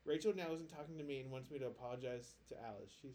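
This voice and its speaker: A man's voice: mid-range voice, racing, darkish tone, a little hiss or hum. A man co-hosting a casual podcast, reading listener posts aloud and chatting loosely with lots of filler words. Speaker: podcast co-host.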